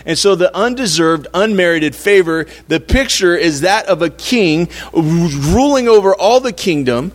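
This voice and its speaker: A man's voice: high-pitched, lively intonation, unhurried, hardly any pauses. A man preaching a sermon in a conversational, playful way, acting out little quotes to make his point. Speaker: pastor.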